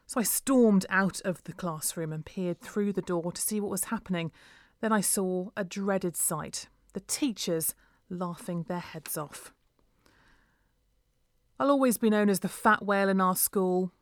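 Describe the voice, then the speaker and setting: A woman's voice: mid-range voice, a little slow, dry recording, clean studio sound. A woman reading a first-person story aloud in an earnest, emotional way.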